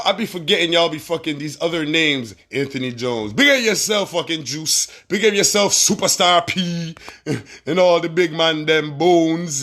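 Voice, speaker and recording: A man with a Barbadian accent hosting a casual livestream, reading viewer comments and giving shout-outs in a laid-back, profane, laughing way. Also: fairly high pitch. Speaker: livestream host.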